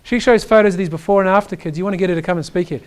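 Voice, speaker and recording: A man giving an energetic chiropractic lecture, emphatic and animated, often checking in with "right?". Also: high-pitched, very fast. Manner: reads quotes aloud to the audience.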